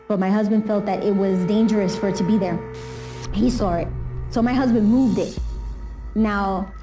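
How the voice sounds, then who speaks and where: Mellow-voiced woman, emotional storyteller. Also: medium pitch, low-quality recording. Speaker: interviewee. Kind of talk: candid documentary interview.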